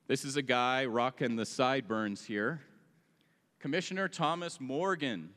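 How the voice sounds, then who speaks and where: A man's voice: mid-range voice, a little slow, fairly bright tone. A man giving an informal history lecture to a meeting, explaining in a plainspoken way with casual, joking asides. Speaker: presenter. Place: meeting hall. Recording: echoey hall.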